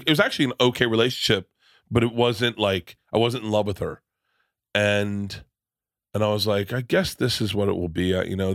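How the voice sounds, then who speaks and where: A man's voice: on the low side, creaky, dry recording, studio quality. A man hosting a podcast, telling a story in a casual, rambling way, swearing often and acting out the people in it. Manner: rambling, restarts sentences, swears freely; acts out quoted people in his stories. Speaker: podcast host and stand-up comedian.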